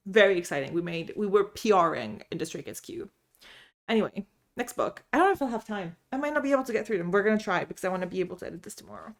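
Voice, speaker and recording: A chatty woman vlogging about books from home. She talks casually, bubbly and animated, telling stories and laughing easily. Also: medium pitch, fast talker. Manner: animated storyteller. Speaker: book vlogger. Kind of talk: casual chat.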